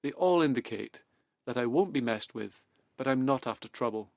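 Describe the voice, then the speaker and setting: A man in calm, measured self-help talk that leads into hypnosis, slowing and softening as he goes. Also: mid-range voice, creaky, no room sound, studio quality.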